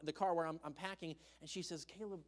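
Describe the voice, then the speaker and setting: A young man preaching a sermon as pastor, telling a personal story and acting out quoted voices, dropping soft and low for tender points. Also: fairly even intonation, fast. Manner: storytelling, acts out quoted voices with big pitch jumps.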